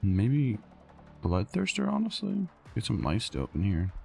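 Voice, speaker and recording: A man's voice: low voice, sing-song, moderate pace, creaky, dark tone. A man giving casual, exasperated commentary while playing a video game, grumbling at teammates. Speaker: gameplay streamer. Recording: game music behind voice.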